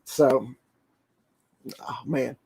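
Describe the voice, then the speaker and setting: A man hosting a casual livestream, talking in a rambling, excitable way with lots of fillers. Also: medium pitch, extremely slow, vocal fry, slightly rough. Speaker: toy channel livestream host.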